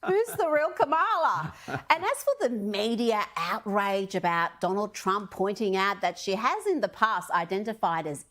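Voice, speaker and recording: Woman commentator, sarcastic and mocking, lively up-and-down pitch. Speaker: commentator in a played news clip. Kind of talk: scripted political commentary.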